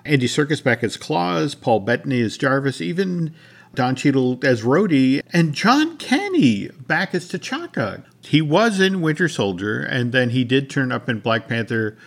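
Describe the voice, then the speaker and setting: A man co-hosting a podcast, his voice sitting at a middle pitch. He chats loosely and often restarts his sentences. He shifts into a steadier, read-out manner for news items and sponsor lines. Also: sing-song, measured pace, vocal fry. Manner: conversational, many restarts, reads sponsor copy. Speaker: podcast co-host. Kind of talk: casual chat and news reading.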